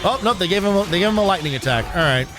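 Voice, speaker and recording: Dude streaming a game and talking over it, kinda high voice, swears a lot, game music going loud behind. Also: male voice, rapid-fire. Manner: animated, swears freely, laughs easily. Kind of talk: casual gameplay commentary.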